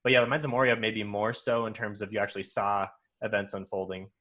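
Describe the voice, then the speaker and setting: A man's voice: lowish voice, flat delivery, quick pace, bright, forceful tone. A man co-hosting a podcast, talking through a book review in a casual, thoughtful way, explaining his points at length. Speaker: podcast co-host.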